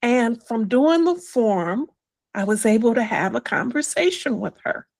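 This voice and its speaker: An older woman telling her personal story as an interview guest, slow and reflective, dropping to a whisper on quoted words. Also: on the high side, lively intonation, a little mellow, no echo, low-quality recording.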